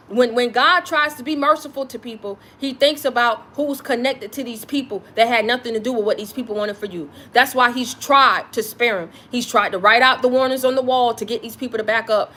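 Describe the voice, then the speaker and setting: A woman's voice: on the high side, a bit bright. A woman delivering an impassioned spiritual message to her viewers, blunt and profane, repeating lines for emphasis. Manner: preachy, repetitive, blunt and profane. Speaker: spiritual content creator.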